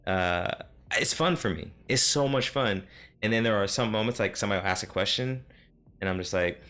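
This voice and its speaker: Deep-voiced man rambling through a game recap. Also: fairly quick, pushed and bright. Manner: rambling and self-deprecating, many fillers and restarts. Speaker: dungeon master recapping his game. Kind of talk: casual solo recap talk. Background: faint synth music.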